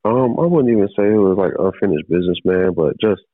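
A man calling in as a football player guest, speaking haltingly with many fillers and restarts. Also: low-pitched, dry recording. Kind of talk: casual phone interview. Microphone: phone call. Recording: tinny phone line.

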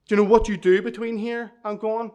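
A man preaches a plain evangelistic sermon aimed straight at the listener, with urgent, pleading emphasis, returning again and again to the same phrases. His voice sits high for a man, smooth and a little mellow, with little pitch movement and a brisk pace.

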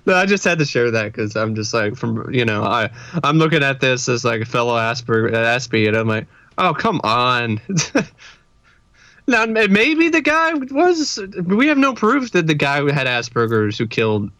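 Casting note: man, loose and rambling, quick to laugh, close, dry-sounding mic. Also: medium pitch, sing-song, fairly bright tone, no room sound. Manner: laughs often, rambling, self-deprecating. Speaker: podcast co-host. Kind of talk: casual chat.

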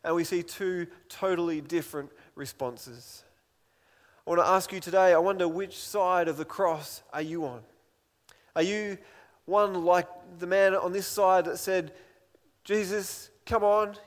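A man's voice: high voice, fairly even intonation, a little slow, big-room sound. A man preaching an Easter sermon as a pastor, earnest and pleading, acting out voices from the scripture he reads.

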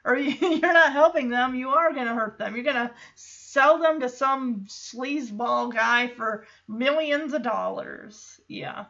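A woman's voice: sits high, unhurried, gravelly, hardly any pauses, fairly bright tone, lo-fi sound. A woman chatting casually as she recaps a film, with an exasperated, chatty manner. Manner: exasperated, chatty, reacts to the story. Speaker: movie recap host. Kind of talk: casual movie recap commentary.

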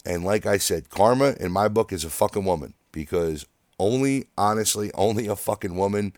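A man's voice: lowish voice, moderate pace, darkish tone, no room sound, clean studio sound. A man ranting in a casual, angry way, swearing constantly and often restarting his sentences. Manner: angry, profane venting with frequent restarts. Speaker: host. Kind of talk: casual rant.

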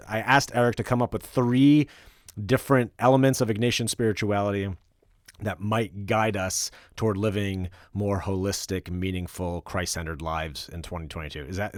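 A man hosting a casual podcast conversation, with a lowish voice and easy, joking delivery. He talks loosely, full of fillers and restarts. The sound is dry and close. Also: dry recording. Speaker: podcast host.

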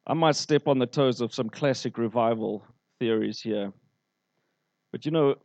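A man's voice: mid-range voice, darkish tone, no echo, highs cut off. A man preaching a sermon as pastor, building his points in repeated short emphatic phrases.

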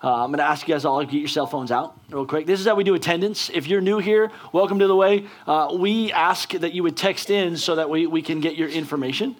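Male pastor, sermon, casual and chatty, lots of fillers, slightly high voice. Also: brisk, few pauses.

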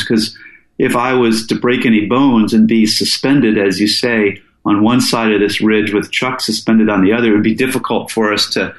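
A man's voice: medium pitch, fairly even intonation, moderate pace, roomy sound, rough recording. An older man from Alaska, a podcast guest telling a story with plenty of restarts. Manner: earnest, lots of restarts. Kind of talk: casual storytelling interview.

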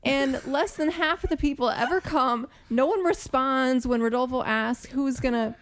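A woman's voice: high-pitched, normal speed, a bit bright. A woman co-hosting a casual podcast, defending herself emphatically and laughing as she talks. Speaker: podcast co-host. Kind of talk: casual chat.

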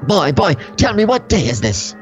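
A man's voice: high voice, big pitch swings, normal speed, over loud music. A man doing a freshly reformed old miser, giddy and improvising, who keeps slipping out of his English accent. His voice swings up and down with glee, and the recording is slightly dull. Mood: demanding. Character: grumpy old miser turned giddy, male. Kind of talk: improv comedy parody.

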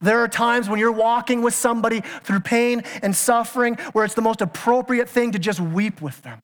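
Here a very high-pitched man preaches a little fast from the pulpit of a church sanctuary. His sermon is earnest and emphatic, packed with questions to the listeners and occasional stumbling restarts, all echoing through the hall's long reverb.

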